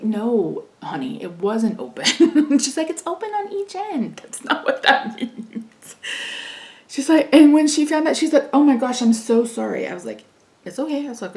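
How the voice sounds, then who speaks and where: A woman's voice: mid-range voice, creaky, a little mellow. A woman vlogger chatting casually while doing her makeup, telling stories and acting out what people said. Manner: chatty storytelling, frequent laughs, acts out dialogue. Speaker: beauty vlogger. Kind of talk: casual get-ready-with-me chat. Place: home, indoors.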